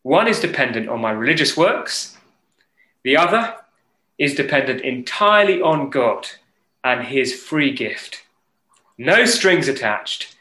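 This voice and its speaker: Man, preacher on a group call, earnest, halting, bright tone, echoey room. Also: mid-range voice. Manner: earnest, halting, with many fillers and restarts. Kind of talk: Bible talk on an online call.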